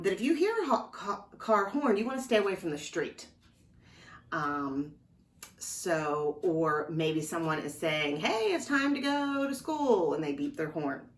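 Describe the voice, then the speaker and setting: A woman giving a slow, gentle lesson to young children as a librarian, talking straight to them. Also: mid-range voice, far from the mic. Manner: slow, gentle, speaking directly to small children. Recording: echoey room, voice a bit off-mic. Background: clock ticking.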